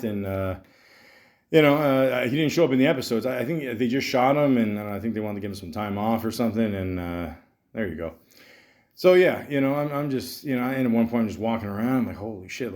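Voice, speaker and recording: A man in his thirties from Canada, with a somewhat low, slightly mellow voice, hosts a podcast. Casual and swearing freely, he drifts through a rambling story full of fillers.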